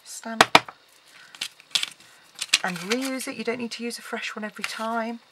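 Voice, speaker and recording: Speaking at a measured pace in a slightly high voice, a woman walks through a card-making project in a relaxed tutorial, filling pauses with frequent ums. Loud noise runs in the background.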